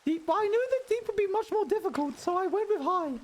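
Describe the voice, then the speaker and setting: Guy streaming in a super high head voice, chatty, rambly, laughs a lot. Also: lively intonation, fairly quick. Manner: speaking in a put-on high head voice. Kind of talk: casual live-stream chat while gaming.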